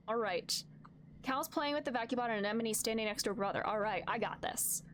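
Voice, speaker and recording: A woman's voice: on the high side, fairly quick, fairly bright tone, slight background noise. A young woman streaming a narrative game, making chatty, joking asides while reading it aloud. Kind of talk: casual game let's-play commentary.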